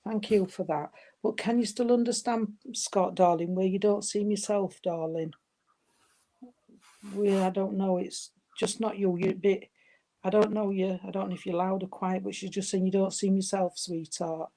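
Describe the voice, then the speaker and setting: A woman's voice: mid-range voice, fairly even intonation, moderate pace, mellow. A woman giving a live mediumship reading, hesitant and affectionate, calling her listeners darling. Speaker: spiritual medium.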